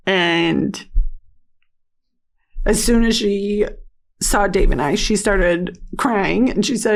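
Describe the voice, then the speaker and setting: Halting, emotional woman retelling. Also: medium pitch, vocal fry. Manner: halting, many restarts and "like" fillers. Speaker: interview guest, mother. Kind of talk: emotional personal storytelling.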